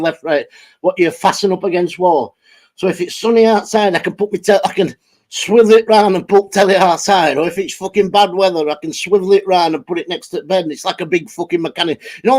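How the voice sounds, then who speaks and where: A middle-aged man, rambling and swearing as he chats with his live stream viewers. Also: high-pitched. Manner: sweary, laughs often, talks to chat by name.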